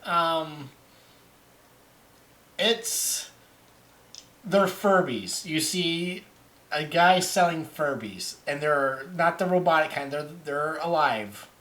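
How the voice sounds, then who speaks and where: A man's voice: on the high side, slow, long pauses, pushed and bright. Laughing man running a tabletop game. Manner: laughing, stumbling over words. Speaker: game master. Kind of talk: narrating a tabletop game online.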